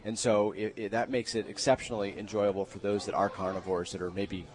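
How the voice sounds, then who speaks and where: A man's voice: on the low side, little pitch movement, a little mellow. A man co-hosting a live radio food segment, talking effusively about the dish. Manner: effusive, rapid talk with restarts. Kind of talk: live radio talk show.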